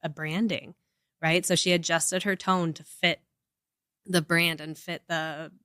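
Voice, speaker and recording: A woman's voice: lowish voice, level tone, unhurried, pushed and bright, clear, resonant tone, no echo, studio quality. A woman co-hosting a casual podcast chat, explaining with examples and lots of "like" and "right?". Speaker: podcast co-host.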